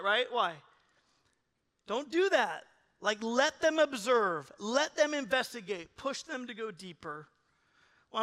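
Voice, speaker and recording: A male pastor preaching a sermon in a lively way, acting out the voices of people in his examples. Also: high voice. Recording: long hall reverb.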